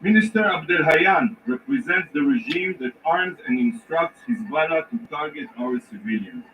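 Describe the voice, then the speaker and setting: A man giving a formal, prepared speech to a council as an ambassador, emphatic and indignant, with measured pauses. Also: fairly high pitch, lively intonation, a bit bright. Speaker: ambassador addressing the Security Council. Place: large council chamber. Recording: distant, dull rebroadcast with faint noise.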